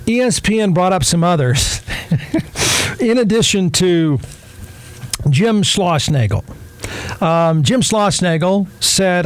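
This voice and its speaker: Snarky high-voiced male talk host. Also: animated, takes it slowly, no room sound. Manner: snarky, irreverent. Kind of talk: casual sports commentary.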